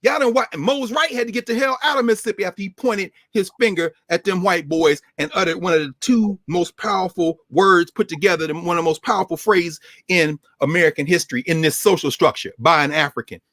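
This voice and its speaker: A man's voice: fairly quick, few pauses, a bit bright, dry recording, studio quality. Fiery, preacherly man lecturing. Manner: impassioned, preacherly, big pitch swings. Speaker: regular guest scholar. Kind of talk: animated lecture-style talk.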